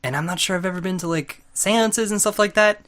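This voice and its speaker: A man co-hosting a comedy podcast, telling tall tales with a playful deadpan manner. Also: high voice, fairly quick. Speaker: podcast co-host. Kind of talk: casual chat.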